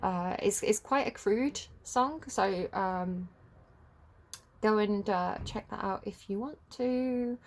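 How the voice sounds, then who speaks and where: A chatty woman talks her way through a collective tarot reading. She rambles, restarts her sentences and fills gaps with ums and likes, her pitch sitting in the middle range for a woman. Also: takes it slowly. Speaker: tarot reader.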